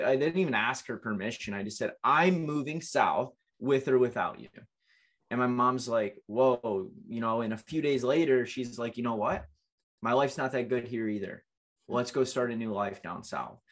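This is a man in his late twenties with a medium-pitched voice, appearing as an interview guest. He tells his life story earnestly and emotionally, often restarting his sentences.

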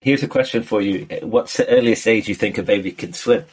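A man's voice: on the low side, a little fast, a little mellow, a little hiss or hum. A man from Abu Dhabi hosting a casual podcast chat, talkative and self-deprecating, often restarting his sentences. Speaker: podcast host.

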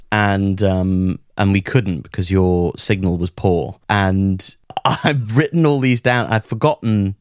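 A man's voice: lowish voice, dry recording, studio quality. A British man co-hosting a podcast, chatting casually with giggly, self-deprecating humour. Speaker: podcast co-host. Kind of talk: casual comedic chat.

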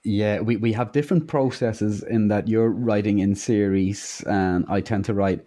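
A man with a low, mellow voice co-hosts a casual podcast conversation. He keeps things friendly with quick interjections and questions for his partner. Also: steady tone. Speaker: podcast co-host. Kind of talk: casual chat.

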